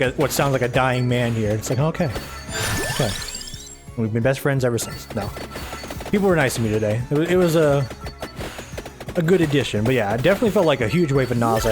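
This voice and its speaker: Man, tired, slightly raspy, soft somber tone, rambling gaming chat, game music playing behind. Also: medium pitch. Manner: rambling, chatty, self-deprecating. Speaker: gaming video host. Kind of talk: casual gameplay commentary.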